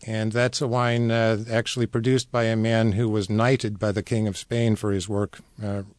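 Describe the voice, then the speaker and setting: A man guest on a radio show explaining wines in a knowledgeable, measured way with many fillers. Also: lowish voice, flat delivery, no echo. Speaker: wine importer guest. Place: radio studio.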